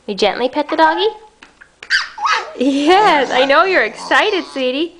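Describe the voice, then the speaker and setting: A mother talking to her toddler in sing-song baby talk, coaxing and gentle, filmed at home on a handheld camcorder. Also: high-pitched, slow, pauses often, background noise. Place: at home indoors.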